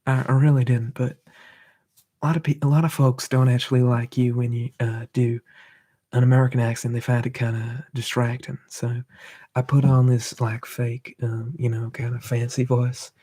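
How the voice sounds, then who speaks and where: Brief: a man faking a folksy Southern US cowboy accent, joking, warm dark timbre. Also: medium pitch, little pitch movement, moderate pace, lightly acted. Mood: mock sincere. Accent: Southern US, put on.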